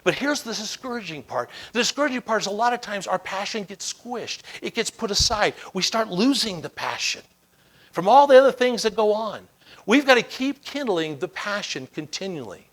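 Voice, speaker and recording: A man giving a motivational keynote speech, telling stories with dramatic, repeated emphasis that swings from loud to hushed. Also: sits high, big pitch swings, normal speed. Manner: dramatic storytelling with emphatic repetition. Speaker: keynote speaker.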